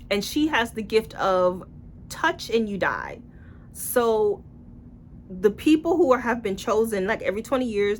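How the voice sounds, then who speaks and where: A woman's voice: medium pitch, slight background noise. Blunt, sarcastic woman reviewing books. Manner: animated, acts out quoted characters. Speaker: book reviewer. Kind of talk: casual book review vlog.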